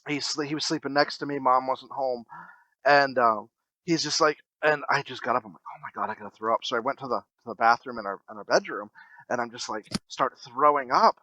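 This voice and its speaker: A man co-hosting a podcast, telling a story about himself in an animated, self-mocking way and laughing along. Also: medium pitch, fairly quick, no room sound, highs cut off. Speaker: podcast co-host. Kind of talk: casual comedic chat.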